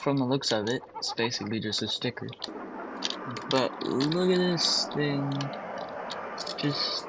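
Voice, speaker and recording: A man's voice: medium pitch, background noise. A man giving casual, rambling commentary on a video game, offhand and dryly mocking. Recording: dull lo-fi mic with keyboard clatter.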